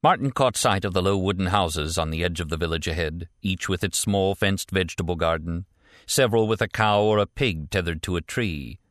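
A man reads an audiobook with measured, even narration. His voice sits on the low side and the recording is close and dry, with no room sound. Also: no room sound. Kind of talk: scripted narration.

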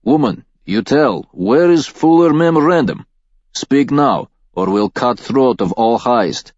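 A man's voice: medium pitch, animated, measured pace, darkish tone, dry recording, highs cut off, close to an everyday voice. Man doing a thick-accented Eastern European heavy, threatening, broken English. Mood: menacing. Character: menacing male cultist thug with Eastern European accent.

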